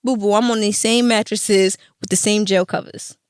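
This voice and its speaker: A young woman hosting a podcast, telling her story in a casual, animated and profane way, often acting out the voices of others. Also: medium pitch, moderate pace, clean tone, no echo, clean studio sound. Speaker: podcast host.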